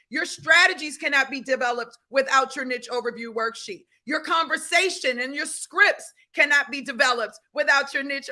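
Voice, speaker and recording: High bright-voiced lady w/ a hyping up her livestream class, greeting folks by name. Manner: hypes up the audience, greets viewers by name, repeats key points. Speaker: business coach hosting a livestream class. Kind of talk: energetic livestream coaching.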